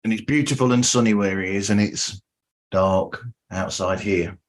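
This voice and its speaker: Northern English male podcast host, low voice, friendly and rambling. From north of England. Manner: friendly, rambling, halting restarts. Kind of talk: casual podcast interview.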